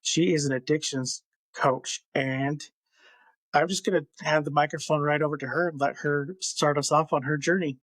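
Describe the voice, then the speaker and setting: A man hosting a podcast, giving a brisk, upbeat welcome and introducing his guest. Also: a little high, steady tone, a bit bright, no echo. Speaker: podcast host. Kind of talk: show introduction.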